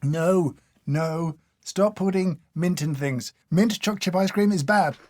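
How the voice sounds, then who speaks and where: A man's voice: on the high side, slow, darkish tone, no room sound. Dry, sarcastic man tasting food. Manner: dry, sarcastic, opinionated, scolds the products directly. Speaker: food taste tester. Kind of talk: casual taste-test commentary.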